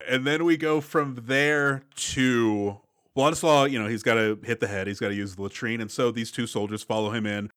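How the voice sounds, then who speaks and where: A man's voice: mid-range voice, steady tone, normal speed, a bit bright, clean tone. A man co-hosting a casual movie podcast, recapping scenes with wry asides. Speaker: podcast co-host.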